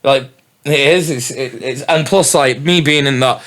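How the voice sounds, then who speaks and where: A man's voice: mid-range voice, a little slow, a bit bright. A young man, a DJ and MC guest on a podcast, talking candidly and swearing in casual chat. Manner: candid, sweary, laid-back.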